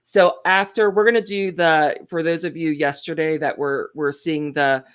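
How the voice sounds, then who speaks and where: A woman with a slightly low voice hosts a casual Bible study chat. She talks in a chatty way and teases with a playful edge. Her delivery is loose and conversational. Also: steady tone, normal speed, smooth.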